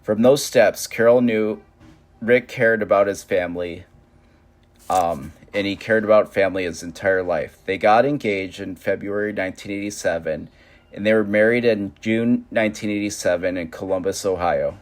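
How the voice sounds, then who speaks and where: A man with a lowish voice narrates a family memorial tribute in an even, plain storytelling way. His reading is steady and unhurried, with the feel of a prepared script. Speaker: memorial narrator, son of the deceased.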